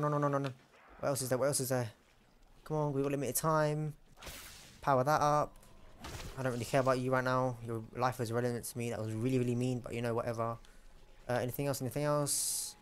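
A man's voice: medium pitch, fairly bright tone, a little hiss or hum. A young man giving casual, self-mocking gameplay commentary and chatting to the enemies. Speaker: gamer.

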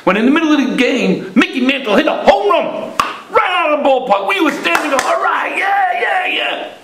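A man's voice: very high voice, animated, fairly quick, roomy sound, noisy background. A man in his fifties telling a personal story as a religious lesson, acting out the voices of the people in it. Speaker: religious teacher.

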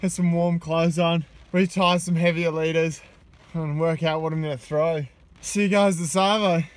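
An Australian man talking to viewers while fishing off an ocean rock wall, exclaiming excitedly as fish bite and chatting casually between casts. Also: on the high side, normal speed, poor audio. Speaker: fishing vlogger. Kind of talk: outdoor fishing vlog commentary. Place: outdoors on a rock wall by the sea. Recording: loud wind and surf noise outdoors.

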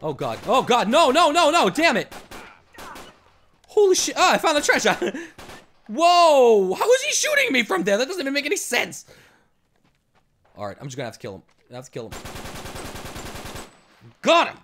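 Excitable man yelling over gameplay. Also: extremely high pitch, moderate pace, long pauses. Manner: excitable, swings between yelling and muttering. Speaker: gameplay commentator. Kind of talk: let's play commentary.

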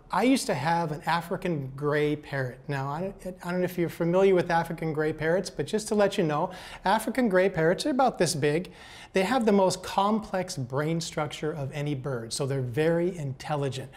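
An older man telling folksy stories in a gentle, unhurried way. He often trips over and repeats words as he goes, in an easy, chatty tone. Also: fairly high pitch, lively intonation. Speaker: speaker. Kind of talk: motivational storytelling talk.

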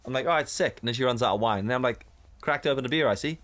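Sweary, animated male podcast storyteller. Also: mid-range voice, very fast. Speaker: podcast co-host. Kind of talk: casual podcast chat. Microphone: studio condenser microphone.

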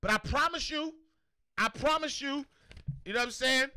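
Male host, high and tense voice, animated and slangy, dry close-miked sound. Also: moderate pace, dry recording. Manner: animated, repetitive, slangy, shouts out viewers. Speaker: show host. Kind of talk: motivational livestream talk.

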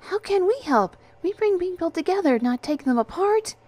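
A woman voicing a frightened, eager young female love angel in a storybook reading, with a high, excited delivery. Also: moderate pace. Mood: earnest.

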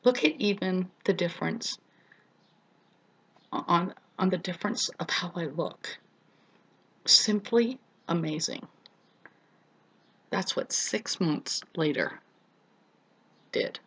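In this low-quality recording, a middle-aged vlogger recounts her personal story with heartfelt sincerity, speaking directly to viewers as though they were friends. Her lowish voice has a breathy edge and lively intonation, and she takes her time, pausing often and repeating words to stress them.

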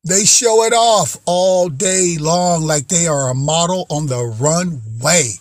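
A man's voice: on the high side, slow, no room sound, clean studio sound. A man hosting his own vlog, talking to viewers in an upbeat motivational monologue and laughing often between phrases. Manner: chatty, addresses viewers as guys and folks. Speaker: vlog host.

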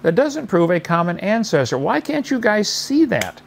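Man in debate, gravelly, fairly high voice, mocking, lecturing, repeats himself. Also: big pitch swings, moderate pace.

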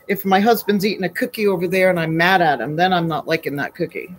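A woman's voice: on the low side, fast talker, hardly any pauses, low-quality recording. A woman hosting a casual live baking stream from her home kitchen, chatty and folksy, greeting viewers by name.

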